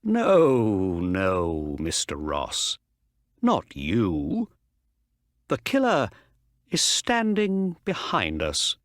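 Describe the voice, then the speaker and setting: A man voicing a calm, clever middle-aged male detective who explains things patiently. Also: lowish voice, drawn-out words, dry recording, clean studio sound, exaggerated voice.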